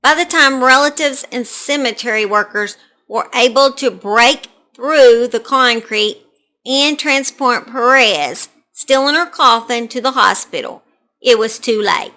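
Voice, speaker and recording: A woman's voice: on the high side, a little slow, sharp tone. A woman with a Southern US accent, hosting and telling true-crime stories in a folksy, chatty way. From Southern United States. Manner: folksy and chatty, says y'all. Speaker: host. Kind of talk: casual true-crime storytelling.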